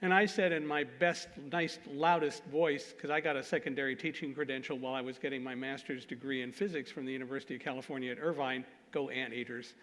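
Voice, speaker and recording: A man with a medium-pitched voice talks fast with few pauses, telling a story at a conference. He's animated, cracks self-deprecating jokes and laughs at himself. The conference hall gives the recording a long reverb.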